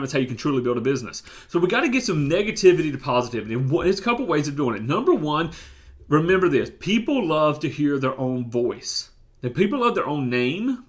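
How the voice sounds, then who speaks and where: Emphatic Southern US male life coach. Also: fairly high pitch. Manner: emphatic, repeats phrases, restarts often. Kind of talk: motivational coaching talk.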